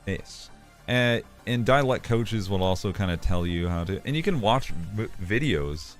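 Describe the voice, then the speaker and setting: A man's voice: on the low side, animated, a little slow, faint music behind. A man streaming live and chatting casually, laughing often while reading chat aloud and swearing now and then. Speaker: streamer and animator.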